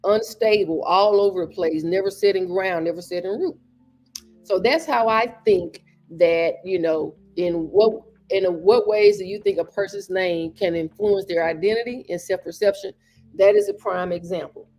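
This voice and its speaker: A woman's voice: mid-range voice, expressive, moderate pace, a little mellow. A woman hosting a podcast, giving an earnest motivational talk and repeating phrases for emphasis. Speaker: podcast host.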